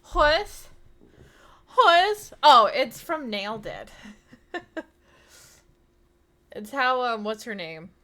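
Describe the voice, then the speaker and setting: Bubbly woman streamer, crisp bright tone on the higher side, talkative and quick to yell hello to her chat. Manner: chatty, excitable, shouts greetings to chat. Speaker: streamer host. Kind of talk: casual live-stream chat with viewers.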